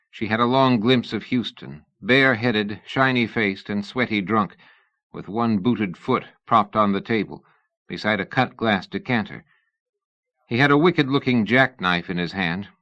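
Low-voiced male audiobook narrator. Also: normal speed, pushed and bright, dull audio. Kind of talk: scripted narration.

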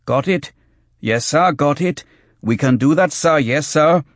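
A man voicing a jittery, fawning male street tout with a croaking voice in an audiobook. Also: on the high side, measured pace, no room sound, clean studio sound, voice pushed up.

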